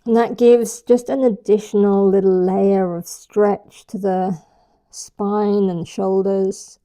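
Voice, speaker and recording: A woman teaching a yoga class, guiding the poses and breathing slowly and gently. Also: medium pitch, steady tone. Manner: slow, gentle and soothing. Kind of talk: guided yoga instruction.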